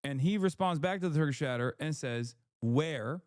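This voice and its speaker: Male streamer, sardonic, reads chat in mocking voices, smooth and crisp, dry close mic. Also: a little high, brisk, dry recording. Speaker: streamer reading ban appeals. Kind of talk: casual livestream chat.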